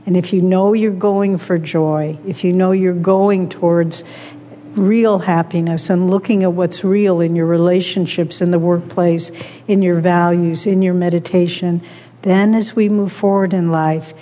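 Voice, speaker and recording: A woman giving a gentle, unhurried spiritual talk to a morning gathering. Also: lowish voice, level tone. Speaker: spiritual teacher. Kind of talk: sermon. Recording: long hall reverb.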